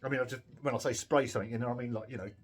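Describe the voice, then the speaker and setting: A man's voice: medium pitch, fairly even intonation, very fast, slightly rough. A man talking casually and self-mockingly as he fixes a cheap guitar, a bit tired and giddy, with guitar playing behind. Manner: rambling, sweary, self-mocking. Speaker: guitar repair vlogger. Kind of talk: casual chat.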